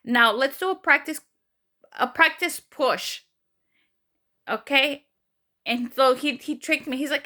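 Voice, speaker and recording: A woman's voice: high-pitched, a little slow, pauses often. A young woman vlogger telling a personal story casually, full of fillers, acting out what others said. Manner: animated retelling, acts out quoted voices, many fillers.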